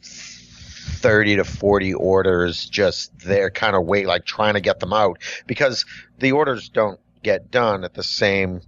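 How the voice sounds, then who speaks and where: A man's voice: sits low, a little slow, dull audio. A middle-aged man telling a work story in casual chat, rambling with lots of "like" and restarts. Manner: rambling, full of "like" and restarts, animated. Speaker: podcast co-host and coffee shop worker.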